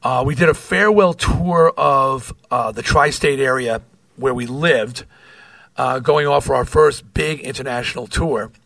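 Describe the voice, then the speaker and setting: A man's voice: mid-range voice, measured pace, vocal fry, no room sound. A middle-aged man from New York hosting a podcast, reading from his memoir and telling rock stories with wry, profane asides. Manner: animated storyteller, wry and profane, with asides off the page.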